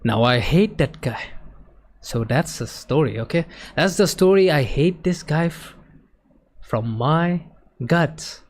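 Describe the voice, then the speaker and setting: A man streaming, telling a personal story in an emotional, animated way and acting out the other people's voices. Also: fairly high pitch, takes it slowly. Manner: emotional, animated retelling that acts out quoted voices. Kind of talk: casual storytelling on a live stream.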